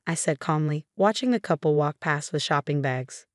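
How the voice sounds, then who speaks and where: A woman reading a first-person family drama story in a calm, even narration. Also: sits low, normal speed, few pauses, no echo, studio quality.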